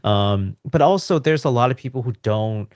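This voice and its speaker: A man co-hosting a casual video game podcast, laughing often and chiming in with quick agreement. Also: mid-range voice, expressive, darkish tone, clear, resonant tone, no echo, studio quality. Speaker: podcast co-host.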